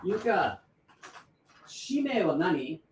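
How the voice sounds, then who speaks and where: A man's voice: high voice, very animated, takes it slowly, a little hiss or hum. Rambling casual male livestreamer. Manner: rambling, self-correcting, chatty. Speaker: livestream host.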